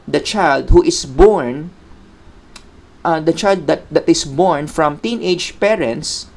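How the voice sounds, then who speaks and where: Filipino man lecturing, higher-pitched. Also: slow, gravelly, darkish tone. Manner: explanatory, asks rhetorical questions and stresses key words. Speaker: psychology lecturer. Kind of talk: recorded lecture mixing English and Tagalog.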